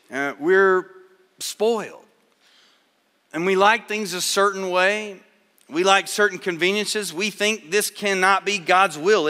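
A middle-aged man preaching a sermon, swinging from loud exhortation to hushed personal storytelling. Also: on the high side. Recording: long hall reverb.

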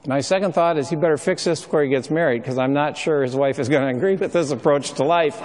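A middle-aged man preaches in a relaxed, storytelling way, sprinkling his talk with ums and uhs. His voice sits a little higher than most men's, and a long reverb trails after each phrase, as if he stands in a large hall. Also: quick pace. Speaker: speaker. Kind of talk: sermon.

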